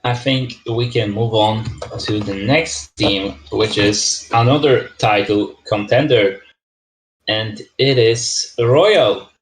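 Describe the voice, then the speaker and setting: A man's voice: lowish voice, slow pace. Male league host, casual and chatty, echoey room. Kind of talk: casual esports league preview.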